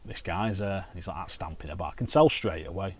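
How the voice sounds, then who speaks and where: Speaking fairly quickly in a low, husky, slightly mellow voice, this man tells anecdotes to camera as he fishes by a lake. He's a carp angler and vlogger, chatty and prone to swearing.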